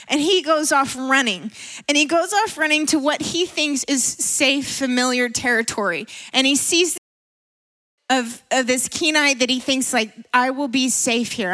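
A woman preacher giving a sermon in church, retelling a story with animated energy and frequent laughter. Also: sits high.

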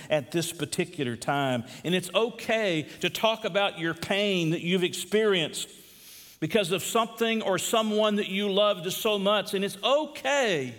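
A male pastor delivering a sermon, swinging between hushed, slow lines and raised, emphatic ones. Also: a little high. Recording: long hall reverb.

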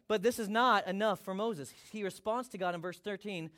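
A man preaching a sermon as pastor, energetic and emphatic, repeating his key points. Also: high voice, normal speed.

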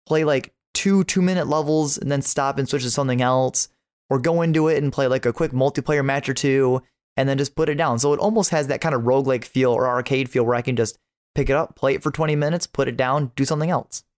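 A man in the middle of a casual podcast chat, gushing about games he loves. He talks in an easygoing, slangy way, full of casual fillers. His voice sits at an ordinary middle pitch. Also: fast. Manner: enthusiastic, slangy, many fillers. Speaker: podcast co-host.

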